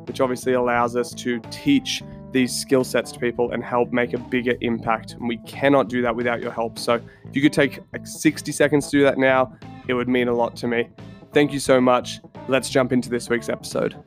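A man's voice: medium pitch, little pitch movement, a little fast, soft background music. An Australian man hosting his own podcast, talking earnestly and telling a story to his listeners with questions along the way. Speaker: podcast host and coach. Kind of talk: solo podcast talk. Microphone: studio microphone.

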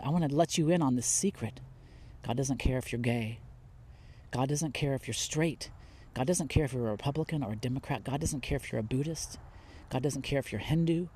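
A middle-aged man delivers a heartfelt sermon in a husky, breathy voice. He pleads with real passion, dropping soft and then rising loud, close to tears. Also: mid-range voice. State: near tears. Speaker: preacher.

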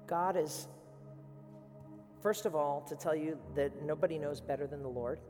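A man with a Boston accent preaching a sermon as pastor, animated and acting out the quoted voices. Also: fairly high pitch, normal speed, soft background music. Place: church sanctuary. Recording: reverberant church hall.

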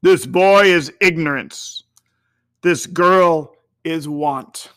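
A man voicing a solemn, sorrowful aging spirit in a storybook reading, speaking loudly and slowly. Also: fairly high pitch, clear, resonant tone, full character voice. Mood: grave. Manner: loud, slow, declaiming.

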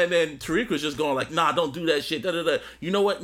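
A man co-hosting a podcast, excitedly retelling a TV episode, acting out lines and laughing often. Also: a little high, quick pace, few pauses. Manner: animated, acts out scenes in voices, laughs often. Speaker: podcast co-host. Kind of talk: casual chat recapping a TV episode.

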